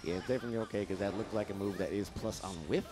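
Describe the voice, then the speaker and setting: A man giving playful, excitable live commentary on a fighting game match, acting out the players' thoughts. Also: on the low side, racing, music in the background.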